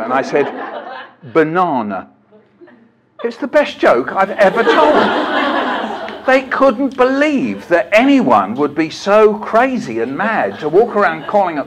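A man's voice: on the high side, sing-song, unhurried, crowd noise. A man speaking to a conference of teachers, telling stories with playful put-on voices and leading the audience in a call-and-response poem. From England. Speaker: children's poet giving a storytelling masterclass. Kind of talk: lively storytelling talk to teachers. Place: conference hall.

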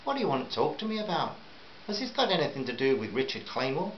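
A man's voice: a little high, sing-song, fast, voice pushed up. A man voicing a cheeky, teasing Northern Irish wife with a lilting voice, in a roomy, slightly dull recording with faint hiss. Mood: curious.

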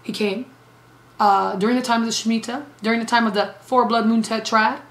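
A woman's voice: a little high, fairly even intonation, fairly quick. A woman evangelist preaching a sermon emphatically, repeating phrases for stress. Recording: roomy echo.

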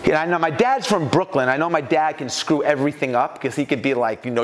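New york guy telling stories at a business event, kinda high voice, super animated, does all the voices. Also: fast talker, hardly any pauses, big-room sound. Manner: animated, acts out quoted voices. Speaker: speaker at a business mastermind. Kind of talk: storytelling keynote talk.

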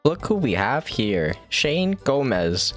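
A man hosting a gaming video, giving excitable, joking commentary with frequent swearing. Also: slow, soft background music. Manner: excitable, joking, swearing, jumps high when surprised. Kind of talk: gameplay commentary.

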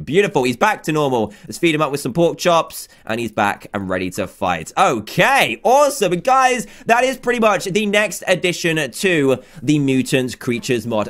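A young man hosting a gaming channel, giving excitable commentary with frequent exclamations. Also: a little high. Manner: animated, exclaiming, laughing often.

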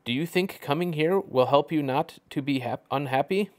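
A man's voice: on the high side, moderate pace, dry recording, voice pushed up, natural voice. A man voicing an early chatbot therapist program that turns each remark back into a question. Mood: probing. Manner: mechanical, repeats the speaker's words back as questions.

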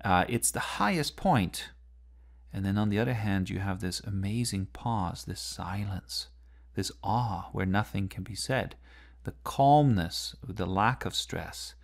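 A man's voice: fairly low pitch, lively intonation, a little slow, vocal fry. A man teaching literature, explaining a poem line by line and asking the listener rhetorical questions.

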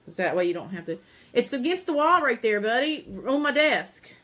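A woman's voice: fairly high pitch, big pitch swings, normal speed, fairly bright tone. A woman with a stuffy nose hosting a casual live-stream sale, chatting to viewers by name while she multitasks.

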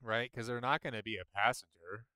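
A man streaming a game, chatting and thinking aloud as he plays, with sudden jumps in pitch when excited. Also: fairly quick, clean tone, dry recording, clean studio sound. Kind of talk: casual gameplay commentary.

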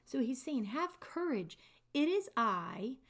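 A woman's voice: sits high, sing-song, takes it slowly, fairly bright tone. Chatty woman teaching a Bible study. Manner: conversational and enthusiastic, acting out quotes. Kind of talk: casual Bible study devotional.

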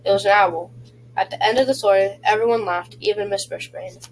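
A woman reads a children's chapter book aloud at a middling pitch. She stumbles often and goes back to fix her words. A faint hum runs under the recording. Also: poor audio. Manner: halting, with frequent slips and restarts. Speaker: reader.

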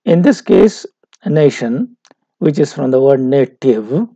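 A male university lecturer with a Pakistani English accent, explaining linguistics slowly with many pauses and fillers. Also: on the high side, expressive, gravelly, warm tone, husky, no room sound, dull audio. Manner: slow, halting, many fillers.

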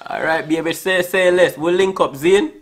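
A man's voice: high-pitched, normal speed. A Jamaican man hosting a casual vlog, teasing and joking as he flirts with strangers on a video chat app, slipping into patois and calling everyone bro. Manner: playful, teasing, drops into patois, says "bro" often. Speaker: YouTuber host.

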